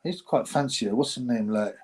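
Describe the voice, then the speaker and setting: A middle-aged man hosting a casual live stream reads viewer comments aloud, rambling, laughing often, and slipping into mock announcer voices. His voice is medium-pitched and darkish, at a normal speed.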